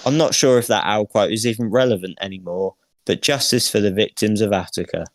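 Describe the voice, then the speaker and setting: A man with a low, monotone voice co-hosts a casual podcast. He reads aloud in a deadpan, joking way and swears offhandedly. The sound is dry and close. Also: a little fast, hardly any pauses, no room sound. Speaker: podcast co-host. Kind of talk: casual chat, reading fan mail aloud.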